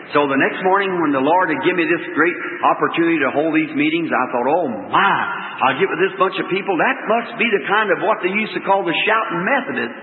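A man, preaching and telling a folksy story with chuckles. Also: a little high. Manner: folksy, chuckling anecdotal delivery. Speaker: evangelist preacher. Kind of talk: sermon storytelling. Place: large hall with audience. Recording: tinny echoey hall recording with faint hiss.

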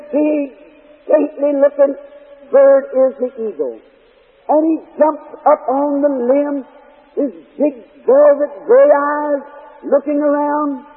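A man preaching a sermon as a story, in folksy rural speech with fervent, emotional swells. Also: extremely high pitch. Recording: tinny lo-fi old recording in a reverberant hall.

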